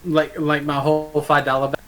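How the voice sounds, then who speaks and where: A man's voice: on the high side, monotone, fairly quick, fairly bright tone, poor audio. A man joining a stream over a voice call, chatting casually with crude jokes and a habit of arguing his point. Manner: crude, joking, argumentative. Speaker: guest co-host on a stream.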